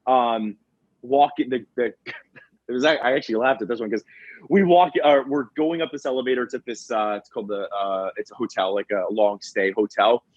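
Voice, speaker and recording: A man who works as a firefighter telling work stories on a podcast, animated and slangy, acting out what people said. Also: mid-range voice, normal speed, no room sound. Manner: animated storyteller, acts out quotes, says bro and man a lot. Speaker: firefighter and comedy video creator, guest. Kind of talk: casual podcast storytelling. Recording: dull lo-fi sound.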